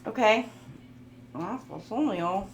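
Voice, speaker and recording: A woman with a gravelly, creaky voice gives a loose, joking tarot reading and reads card messages aloud. She sounds like she is in a roomy, echoing space, with faint noise and cards shuffling behind her. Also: medium pitch, lively intonation, unhurried. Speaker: tarot reader.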